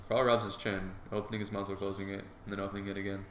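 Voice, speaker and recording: A man's voice: lowish voice, completely flat delivery, rapid-fire, a little hiss or hum. A man reading a visual novel aloud as he plays, with casual, joking asides. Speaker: game player and narrator. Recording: echoey room, soft guitar music.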